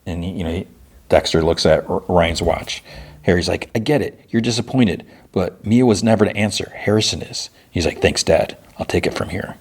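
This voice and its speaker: A man's voice: low voice, steady tone, moderate pace, breathy edge. A man hosting a podcast, casually retelling a TV episode and acting out the characters' lines in loose impressions. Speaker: podcast host.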